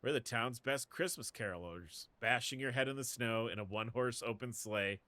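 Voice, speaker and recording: A man's voice: medium pitch, moderate pace, sharp tone, no room sound, lightly acted. A man voicing a mocking young male gang thug in a sneering, contemptuous tone.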